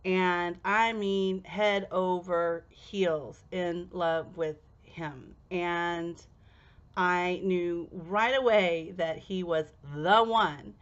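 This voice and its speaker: A young woman telling a personal anecdote in an animated way, laughing and jumping into high squeals when she acts out her past self. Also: drawn-out words. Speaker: storyteller. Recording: slightly dull lo-fi recording.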